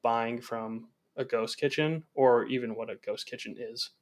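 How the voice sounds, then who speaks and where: A man's voice: mid-range voice, fairly even intonation, normal speed. Laid-back swearing podcast guy. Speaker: podcast co-host. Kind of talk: casual chat.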